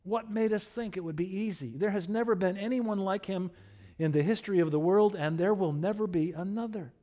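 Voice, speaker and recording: Brief: male pastor, higher-pitched, animated storytelling sermon. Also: brisk. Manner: animated, humorous storytelling with wide swings in loudness.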